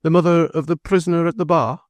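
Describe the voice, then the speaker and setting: A man's voice: a little high, steady tone, fast talker, dry recording, pitched above the performer's own voice, natural voice. A man voicing a male barrister who questions a witness in a formal manner.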